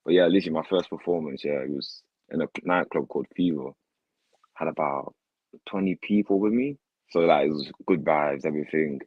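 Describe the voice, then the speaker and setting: Very deep, husky English Midlands man. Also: fairly quick, dry recording, lo-fi sound. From Derby, England. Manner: laid-back, slangy, short rambling answers. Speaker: guest rapper. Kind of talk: casual interview chat.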